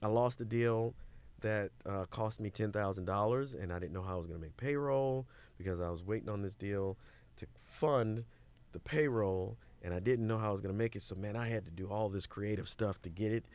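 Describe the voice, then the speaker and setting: A man as a podcast guest, telling stories about business setbacks in a lively way and acting out what people said. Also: lowish voice, a little fast. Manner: animated storytelling, acts out quoted voices. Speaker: guest, business owner and mentor. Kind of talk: casual podcast interview.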